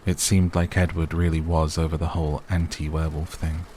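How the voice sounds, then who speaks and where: A man narrating a bedtime sleep story in a slow, soft, even reading voice. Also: a bass voice, slight background noise. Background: rain sounds.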